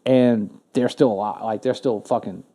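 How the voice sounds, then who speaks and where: Rambling, profane man with a mellow voice. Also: lowish voice, fairly even intonation, moderate pace. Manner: rambling, profane, full of fillers and restarts. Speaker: podcast co-host. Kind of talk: casual podcast chat.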